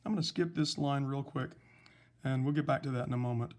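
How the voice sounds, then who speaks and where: A man teaching a recorded chemistry lesson, explaining patiently and slowly with some fillers. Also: mid-range voice, a little mellow. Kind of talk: recorded lecture, writing examples.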